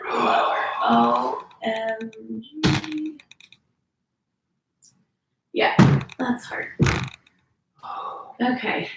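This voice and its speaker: A woman's voice: fairly high pitch, big pitch swings, drawn-out words, long pauses, fairly bright tone, heavy reverb, recorded from a distance, a little hiss or hum, low-quality recording. A woman fitness instructor talking viewers through a workout, counting reps and urging them to squeeze harder.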